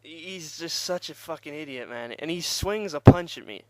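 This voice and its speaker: A man's voice: a little high, expressive, normal speed, fairly bright tone. A young man telling a rambling, profane party story in casual vlog style and laughing at himself. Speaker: vlogger.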